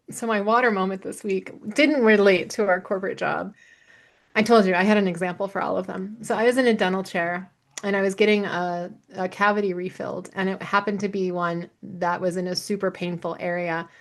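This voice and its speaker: A woman co-hosts a podcast in casual chat, telling animated stories and laughing often. She has a mid-range voice and a brisk pace.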